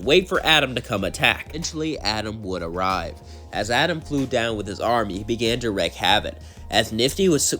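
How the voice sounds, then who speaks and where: A young man with a cold talks to his viewers in a rambling, heartfelt way, his pitch bouncing up and down a lot. He narrates and chats casually, with faint music underneath. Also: a bit bright. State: sick with a cold, coughing. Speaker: channel host, storyteller. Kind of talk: casual fan-story narration and chat.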